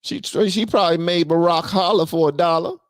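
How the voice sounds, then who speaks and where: A man hosting a live stream who rants with a lot of energy and reads viewers' chat aloud. He swings between shouting and low muttering. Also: steady tone, a little fast, clear, resonant tone, dry recording, clean studio sound. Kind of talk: ranting commentary and reading chat on a live stream.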